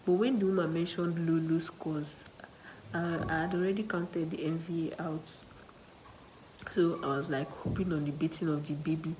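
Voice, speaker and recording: Chatty Nigerian woman with a low voice. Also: moderate pace, slight background noise, poor audio. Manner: animated, chatty retelling with local slang. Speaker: student nurse vlogger. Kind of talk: casual storytelling to camera.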